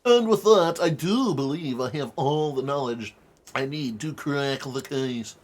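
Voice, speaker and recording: A man's voice: medium pitch, unhurried, lightly acted. A man voicing a pompous, wordy male scholar detective, reading game dialogue aloud in a formal, lecturing manner.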